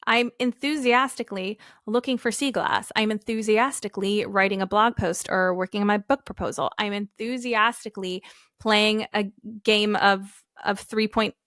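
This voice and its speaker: A woman's voice: medium pitch, fairly even intonation, moderate pace, a bit bright, no room sound. Upbeat chatty woman podcaster, dry sound. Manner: upbeat, chatty, acts out family quotes. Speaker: podcast host. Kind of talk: casual solo podcast talk.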